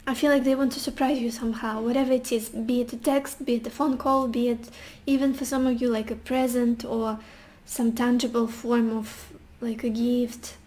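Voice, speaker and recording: Woman, tarot reader, higher pitch, warm mellow tone, intuitive musing delivery. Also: little pitch movement, normal speed, few pauses. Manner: intuitive, musing, sassy asides. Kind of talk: casual tarot reading monologue.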